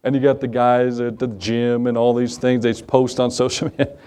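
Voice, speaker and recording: A man's voice: medium pitch, little pitch movement, normal speed, clean tone. Emphatic preaching pastor, man. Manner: emphatic, repeats key phrases, asks rhetorical questions; swings between louder raised passages and quiet asides. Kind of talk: sermon.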